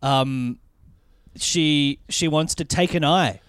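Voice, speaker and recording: A man's voice: a little high, slow pace, a bit bright, clear, resonant tone, dry recording, clean studio sound. A man co-hosting a podcast, chatting casually, often agreeing with yeahs. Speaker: podcast co-host. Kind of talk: casual chat.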